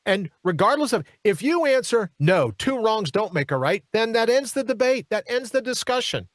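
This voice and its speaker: Male talk host, high-pitched and lively, pounding rhetorical questions, dry studio sound. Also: normal speed, dry recording. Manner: emphatic, hammering rhetorical questions, mocking asides. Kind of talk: political commentary monologue.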